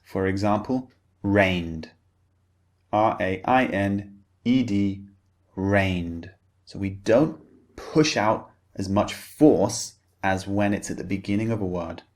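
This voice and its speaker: Man, pronunciation lesson, very slow, clearly enunciated, fairly low voice. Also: a little mellow. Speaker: pronunciation teacher.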